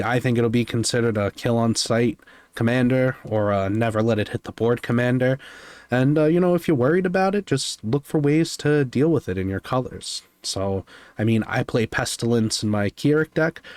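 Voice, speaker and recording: A man's voice: medium pitch, a little mellow, no room sound. A man co-hosting a podcast, talking in an easygoing, conversational way. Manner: easygoing and conversational, with "you know" fillers. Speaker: podcast co-host. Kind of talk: casual podcast chat about card games.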